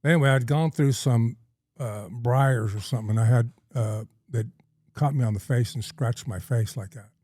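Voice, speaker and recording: A middle-aged Californian guest on a podcast tells a long, folksy, rambling story full of ums and uhs in casual interview storytelling. His mid-range voice is a little mellow at normal speed, recorded with studio quality and no room sound.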